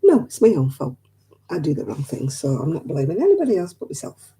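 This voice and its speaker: Very mellow-voiced woman host. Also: low voice, huge pitch swings, a little fast. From northwest England. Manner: chatty, rambling, laughs easily. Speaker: craft livestream host. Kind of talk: casual chat with live viewers.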